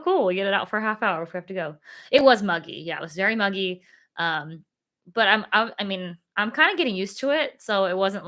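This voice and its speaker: Bubbly chatty young woman live-streaming. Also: sharp tone. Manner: bubbly and chatty, many fillers, laughs, with sudden high squeals. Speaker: YouTube vlogger hosting a live stream. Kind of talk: casual live-stream chat.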